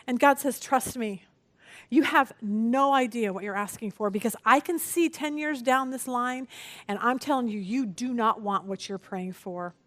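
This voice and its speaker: A woman's voice: normal speed, no echo. A middle-aged woman teaching a women's Bible study, telling stories animatedly with a self-mocking humor and acting out what people said. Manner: animated storytelling, acts out quotes with big pitch jumps; self-deprecating humor, frequent "okay?".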